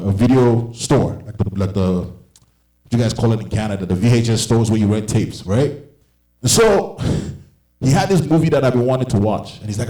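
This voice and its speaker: A young man telling stand-up comedy stories, animated and acting out the people in them. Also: medium pitch. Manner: animated, acts out voices of people in his stories. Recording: roomy echo.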